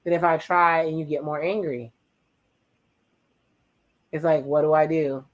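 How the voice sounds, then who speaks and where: A playful watch-along host chatting over a reality dating show, retelling what each person says and tossing in teasing side remarks. The delivery is loose and conversational, jumping between flat recaps and sudden louder jokes. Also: mid-range voice, low-quality recording. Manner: playful, teasing, recaps dialogue in quick asides. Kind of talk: casual reality-show commentary.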